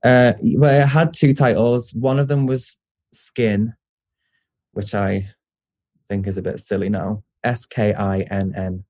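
A man's voice: lowish voice, takes it slowly, no echo, studio quality. Rambling Scouse man. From Liverpool, England. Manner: rambling, self-interrupting, swears casually, lively. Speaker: poet, guest. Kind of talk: casual interview chat.

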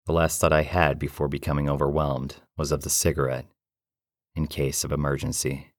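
A man narrating a first-person horror story in a low, steady, measured way. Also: no echo, clean studio sound.

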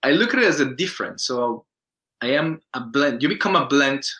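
A man from Colombia with a Colombian Spanish accent, a guest in a casual interview, telling stories in a lively way and acting out quoted voices. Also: mid-range voice, brisk, rough recording. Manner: animated storyteller, acts out quoted voices, restarts often.

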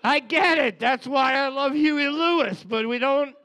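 A man's voice: extremely high pitch, a little slow, pushed and bright. An English man co-hosting a quiz, sardonic and sweary, laughing often. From England. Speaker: co-host. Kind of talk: casual banter.

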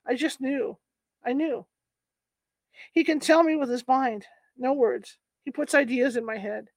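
A woman reading the part of a hypnotized woman recalling an abduction, answering flatly and with certainty. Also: high voice, measured pace, no room sound.

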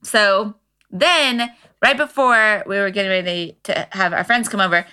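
A woman in her thirties co-hosting a podcast, telling stories in casual chat and leaping into high voices when she quotes. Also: a little slow, clean tone. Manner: animated storyteller, jumps into high voices when quoting. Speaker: podcast co-host.

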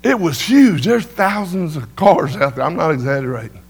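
Folksy preacher man, slightly high voice. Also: very animated, normal speed, gravelly, husky. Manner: folksy storytelling, peppered with "amen" to the crowd. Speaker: preacher giving testimony. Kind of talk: sermon testimony storytelling.

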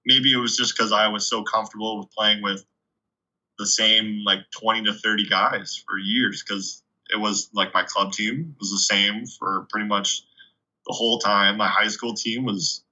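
A young man from Canada, a guest telling stories in a casual, chatty way, full of 'like' and animated retellings. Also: fairly low pitch, moderate pace. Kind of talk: casual storytelling. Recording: dull lo-fi recording.

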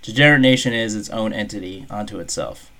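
A man's voice: fairly low pitch, fast, fairly bright tone. A man co-hosting a podcast at a microphone, crude and jokey, often laughing at his own jokes. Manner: crass, jokey, breaks into laughter. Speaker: podcast co-host. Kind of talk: crude comedic banter. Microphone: desk microphone.

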